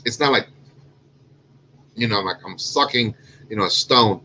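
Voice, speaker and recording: A man's voice: on the low side, measured pace, bright, forceful tone, slight background noise, poor audio. Rambling man hosting a cigar chat. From Cuban. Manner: rambling, self-correcting, lots of fillers. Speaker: cigar show host. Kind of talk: casual chat.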